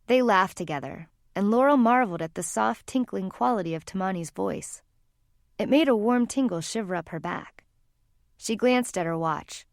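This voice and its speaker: Calm woman reading an audiobook. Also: mid-range voice, moderate pace, vocal fry, no room sound, clean studio sound. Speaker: audiobook narrator. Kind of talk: scripted narration.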